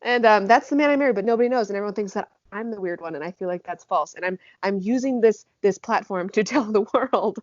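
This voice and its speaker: A woman's voice: mid-range voice, quick pace, hardly any pauses, darkish tone, dry recording, lo-fi sound. A woman guest on a podcast, joking and laughing as she tells a story about her husband. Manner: playful and giggly while telling a story. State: heavily pregnant. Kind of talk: casual chat.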